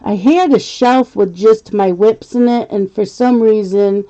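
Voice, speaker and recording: A middle-aged woman chats casually on a live stream as she colors, reading viewer comments aloud and laughing often. Her voice is mellow and unhurried. The audio is slightly muffled and lo-fi. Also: medium pitch.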